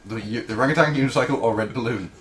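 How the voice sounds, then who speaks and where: A man's voice: mid-range voice, racing, fairly bright tone. A man co-hosting a podcast, boisterous and jokey, laughing often. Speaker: podcast co-host. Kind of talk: casual banter. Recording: roomy with faint noise.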